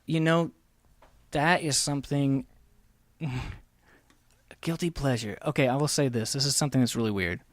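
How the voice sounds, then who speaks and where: A man from Oklahoma, animated and full of laughs, who tells stories and leaps higher in pitch whenever he quotes someone. His voice sits at a middle height. It is recorded close and dry, with no room sound. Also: moderate pace, pauses often, dry recording. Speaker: guest host. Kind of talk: casual podcast chat.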